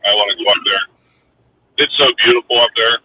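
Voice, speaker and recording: A man's voice: on the low side, fairly quick, slightly rough, no echo. A man hosting a livestream, telling a rambling anecdote in a casual chat with lots of fillers. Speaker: livestream host. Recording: distant tinny phone-like line with faint hiss.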